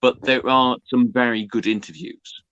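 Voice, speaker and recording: A man from the North of England, a podcast guest, speaking in a measured, defensive way in casual chat. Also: mid-range voice, fairly even intonation, a bit bright, dry recording, lo-fi sound.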